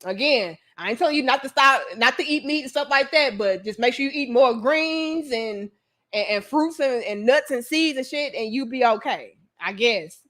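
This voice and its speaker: A woman's voice: high voice, animated, normal speed, a bit bright. A woman hosting a casual livestream chat, talking emphatically with slang and frequent swearing. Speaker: livestream host.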